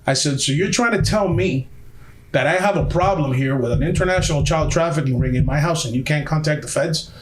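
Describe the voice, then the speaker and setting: A man's voice: a little high, a little fast, roomy sound. A man telling a story on a podcast in a heated, emphatic way, swearing often. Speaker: podcast guest. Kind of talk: casual storytelling.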